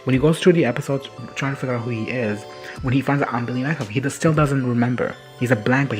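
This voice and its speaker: A man giving a casual, foul-mouthed recap of a TV episode, laughing often and acting out the characters. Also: medium pitch. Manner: crude, swears freely, laughs often, acts out characters. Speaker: reaction vlogger.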